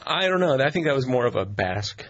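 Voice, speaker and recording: A man's voice: medium pitch, very animated, fast talker, a bit bright, dull audio. A man hosting a casual talk show, joking and sarcastic, laughing often. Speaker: host.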